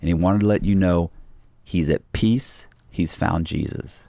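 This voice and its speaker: A man's voice: sits low, steady tone, a little slow, vocal fry, dark tone, no echo, clean studio sound. A middle-aged man, a podcast guest, telling a story casually with restarts and acted-out quotes of other people. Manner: rambling, restarts, acts out quoted dialogue.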